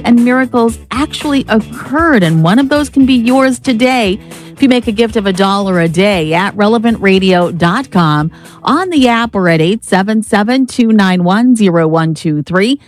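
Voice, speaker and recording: A woman co-hosting a radio pledge drive, urging listeners to give and repeating the phone number. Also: a little high. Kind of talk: pledge drive fundraising appeal.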